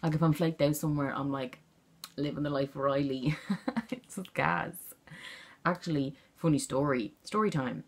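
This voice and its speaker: A woman's voice: deep voice, normal speed. A young Irish woman chatting casually to camera at home, rambling and easily distracted, with an Irish accent. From Ireland. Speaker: vlogger.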